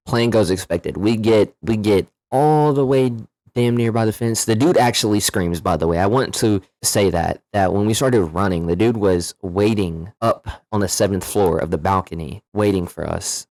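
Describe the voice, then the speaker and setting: A man telling a story in a casual, animated, slangy way, swearing freely. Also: fairly low pitch, no echo. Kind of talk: casual story-time vlog.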